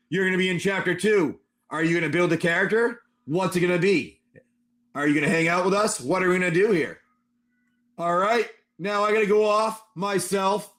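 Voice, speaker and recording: A man running a tabletop game on a livestream, narrating dice rolls and combat in an animated, excitable way. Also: sits high. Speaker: game master.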